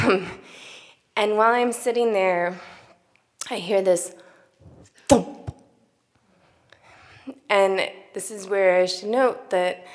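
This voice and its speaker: Young woman telling a story live, chatty, says like a lot, middle pitch. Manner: chatty, lots of "like", quoting herself.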